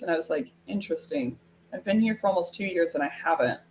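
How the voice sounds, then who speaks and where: A woman's voice: fairly low pitch, quick pace, slight background noise. An American woman hosting a live sales webinar, talking casually and telling stories with frequent laughs. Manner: animated storytelling with frequent laughs. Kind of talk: casual live-stream talk.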